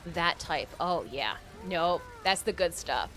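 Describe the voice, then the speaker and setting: Her voice is lowish, animated and slow, with a fairly bright tone and a little hiss or hum on the recording. She's a Michigan woman streaming a game, bantering playfully and naming her viewers over faint game music.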